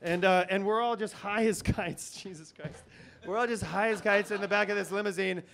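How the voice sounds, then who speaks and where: A man's voice: sits high, fairly even intonation, moderate pace, vocal fry, a bit bright. A man telling a rambling comic story on stage at a live show, nervous and full of restarts and fillers. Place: live comedy venue.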